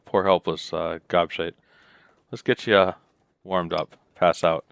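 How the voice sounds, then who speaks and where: A man's voice: deep voice, little pitch movement, a little slow, vocal fry, clean tone, no room sound. A man playing a game, reading its text aloud in casual commentary with laid-back muttered asides, on a close desk mic. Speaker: let's play gamer.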